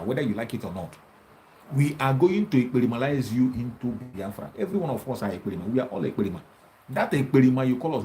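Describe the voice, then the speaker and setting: A man's voice: medium pitch, mellow, a little hiss or hum, rough recording. A man giving an impassioned political monologue, taunting and repeating himself as he challenges his opponents. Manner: combative, taunting, repetitive. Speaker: activist commentator.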